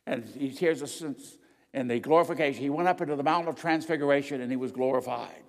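An older man preaching a sermon with slides, emphatic and swinging between loud declarations and quiet asides. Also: mid-range voice, normal speed. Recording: long reverb of a large hall.

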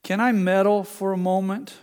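An older pastor preaches a sermon in a church sanctuary, earnestly putting questions straight to his congregation. His voice sits high and has a darkish, clear, resonant tone with fairly even intonation. He speaks at a moderate pace, and the sound carries the spaciousness of a big room.

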